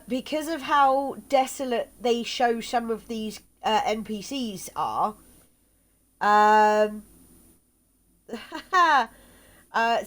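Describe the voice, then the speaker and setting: A woman talks slowly over her live gameplay, her voice sitting on the higher side. She rambles and drifts off between thoughts, with plenty of fillers and a tired, yawning edge. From South West England. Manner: rambling and chatty, trailing off with fillers and laughs. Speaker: game streamer. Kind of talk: casual live gameplay chat.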